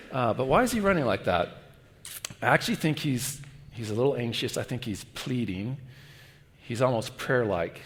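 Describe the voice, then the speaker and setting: A middle-aged man preaching a sermon as guest pastor, telling stories in an animated way and dropping to a hush for pleading lines. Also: medium pitch. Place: large church hall. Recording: long church reverb.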